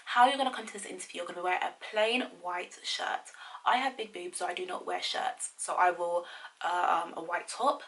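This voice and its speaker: Young woman vlogger, blunt and lively, a crisp bright voice pitched a bit low. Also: moderate pace, rough recording. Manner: animated, acts out quoted interview lines; blunt and frank, swears casually. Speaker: vlogger giving career advice. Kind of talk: casual advice vlog.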